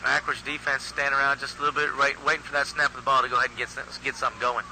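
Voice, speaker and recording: A man's voice: medium pitch, flat delivery, rapid-fire, sharp tone. Male announcer, easygoing play-by-play, noisy field audio, mid-range voice. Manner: folksy, chatty, restarts phrases often. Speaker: youth football play-by-play announcer. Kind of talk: live sports commentary. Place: outdoor football field. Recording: noisy outdoor field recording.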